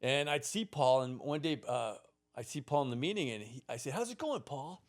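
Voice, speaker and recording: A man's voice: mid-range voice, brisk. A man hosting a podcast, telling a story in casual conversation, swearing casually. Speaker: podcast host.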